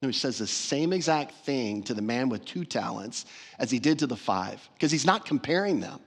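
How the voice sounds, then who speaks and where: A man's voice: medium pitch, animated, normal speed. A man preaching a sermon as pastor, earnest and emphatic, repeating phrases for stress. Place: church sanctuary.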